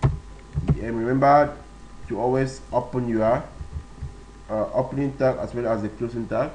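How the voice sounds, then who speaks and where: Explaining the basics of web pages one step at a time, this man speaks slowly in a screen-recorded tutorial, full of fillers and repetitions. He has a medium-pitched, slightly mellow voice with fairly even intonation, captured in poor audio with slight background noise.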